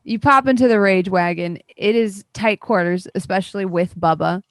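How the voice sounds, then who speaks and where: A woman narrating a tabletop role-playing game as game master, in a loose, halting way with fillers and sarcastic asides. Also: medium pitch, dry recording, clean studio sound.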